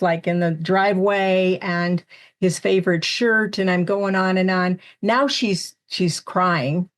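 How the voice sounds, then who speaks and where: An older woman, a spiritual medium, telling stories chattily in a casual interview, acting out what people said. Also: on the low side. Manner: chatty, animated storyteller who acts out quotes. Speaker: guest medium.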